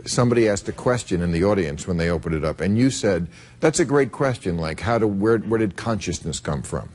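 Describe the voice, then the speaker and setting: A man interviewing a guest in a loose, joking way, full of quick asides. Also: low voice, expressive, a little mellow. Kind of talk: casual interview chat.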